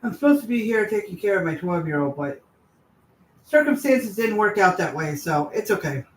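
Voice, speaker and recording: A woman's voice: mid-range voice, big pitch swings, normal speed, slight background noise. A woman in her forties chatting casually on a livestream, rambling in trailing asides and greeting viewers. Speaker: livestream host.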